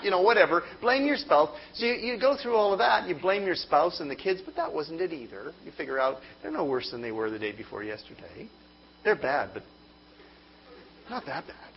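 A man's voice: medium pitch, lively intonation, brisk, muffled recording, slight background noise. A man preaching a sermon, telling a comic story and acting out mock inner voices.

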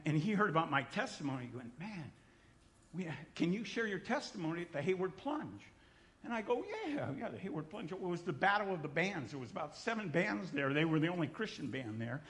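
A middle-aged man preaching, telling his testimony in an animated storytelling manner, acting out voices and sometimes shouting. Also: high-pitched. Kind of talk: sermon testimony.

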